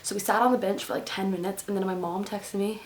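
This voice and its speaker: A young woman from Texas rambles through a story for her vlog, dropping "like" into nearly every phrase. Her pitch sits in an ordinary middle range for a woman, and her delivery is loose and conversational. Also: fairly even intonation, fast talker, a little hiss or hum. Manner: chatty, heavy use of "like" fillers. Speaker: vlogger. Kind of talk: casual storytelling to camera.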